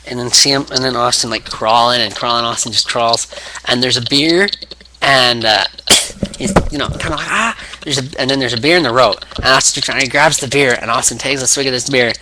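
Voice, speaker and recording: A man rambles through a casual vlog play-by-play, restarting sentences and stacking up fillers. His voice sits at an ordinary mid pitch. A steady hiss sits under the recording. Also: a little fast. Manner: rambling, full of restarts and acted grunts.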